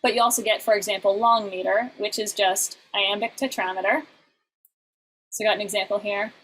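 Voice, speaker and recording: A woman teaching an online class, explaining in halting bursts and now and then breaking into short sung examples. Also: medium pitch, fairly even intonation, fairly bright tone, slight background noise, poor audio.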